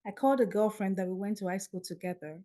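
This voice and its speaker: Animated woman telling a story. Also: mid-range voice, quick pace. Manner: animated, acts out dialogue. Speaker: podcast guest. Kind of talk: storytelling in an interview.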